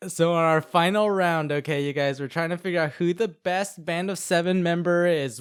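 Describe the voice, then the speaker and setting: A man's voice: fairly high pitch, normal speed, hardly any pauses, smooth. A man co-hosting a podcast, recapping an anime in a chatty, rambling way full of filler words. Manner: chatty, rambling recaps with many "like"s and acted-out quotes. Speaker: podcast co-host.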